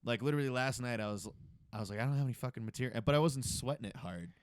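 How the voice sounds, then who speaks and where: A man co-hosting a comedy podcast, talking loosely and swearing a lot while high, from the East Coast of the US. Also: very fast, no echo, studio quality. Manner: loose, profane, laid-back joking. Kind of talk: casual chat.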